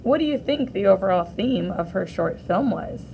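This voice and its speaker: A woman teacher reading a graphic novel aloud to children, gently reading out the captions and sound effects too. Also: medium pitch, expressive, moderate pace, vocal fry, slight background noise, rough recording.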